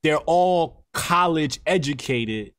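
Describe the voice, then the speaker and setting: Mid-pitched man, dry close sound. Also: expressive, slow, fairly bright tone, dry recording. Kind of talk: casual podcast talk.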